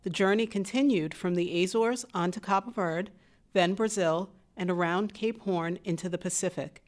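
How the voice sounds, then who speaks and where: Low-voiced woman narrating a museum tour. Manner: measured, evenly paced guided-tour delivery. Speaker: museum audio guide narrator. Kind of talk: scripted narration.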